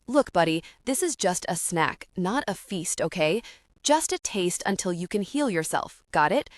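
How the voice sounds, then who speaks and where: A woman's voice: lowish voice, lively intonation, moderate pace, no echo, clean studio sound, close to an everyday voice. Woman voicing a wry, determined young witch. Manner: wry, direct. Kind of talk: audiobook character reading.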